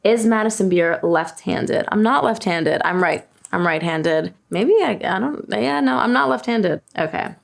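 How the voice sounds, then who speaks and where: Chatting casually, this twenty-something singer from Long Island, New York, fields the questions fans search about her with a laughing, self-deprecating manner. She speaks unhurriedly and barely pauses, in an expressive, gravelly, medium-pitched voice.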